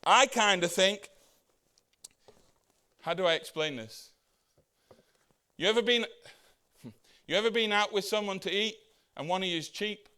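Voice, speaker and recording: High-voiced man preaching conversationally. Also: bright, forceful tone, smooth. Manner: talks directly to the congregation with rhetorical questions; acts out the Bible characters' words in quick voices. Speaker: pastor. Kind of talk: conversational sermon.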